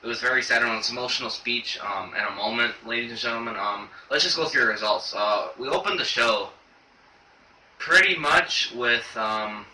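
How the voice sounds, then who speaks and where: A young man talks through a wrestling show in a halting, filler-heavy ramble, choked up as he goes. His voice is bright and tense. He is recorded on a camera mic set back in an echoey room, with faint noise behind him. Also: medium pitch, distant mic. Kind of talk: casual video review.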